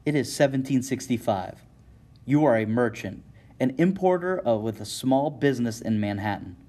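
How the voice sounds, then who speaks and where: A man's voice: mid-range voice, animated, normal speed, mellow. A man giving dramatic scripted narration of an interactive story, addressing the listener directly. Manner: dramatic second-person storytelling.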